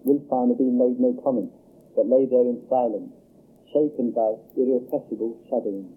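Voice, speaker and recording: A man reads a novel aloud in a measured, storytelling way, adding brief asides of his own. His voice is husky and sits at a middle pitch. The recording is thin and tinny, like a phone line. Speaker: dharma teacher.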